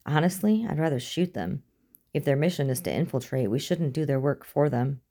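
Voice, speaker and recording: A woman's voice: very deep voice, expressive, fairly quick, dark tone, heavily acted. A woman voicing a tough, blunt female squad commander who speaks in curt orders.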